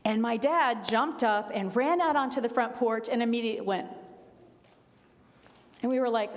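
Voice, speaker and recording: A woman minister giving a sermon, telling stories in a conversational way with quiet, emphatic asides. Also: a little high, normal speed, long pauses, in a large hall. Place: church sanctuary.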